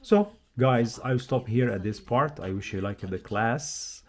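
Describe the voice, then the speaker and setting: A man teaching a language lesson online, patiently repeating each word slowly for learners. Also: medium pitch.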